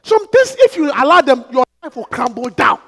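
A man preaching a fervent sermon, swinging from hushed asides to shouted prayers and bursts of speaking in tongues. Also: very high-pitched, big pitch swings, moderate pace. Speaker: pastor. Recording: echoey hall with long reverb.

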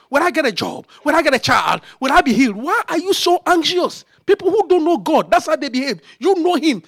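High-voiced, impassioned man preaching. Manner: impassioned, repeats rhetorical questions, builds to shouts. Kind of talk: sermon.

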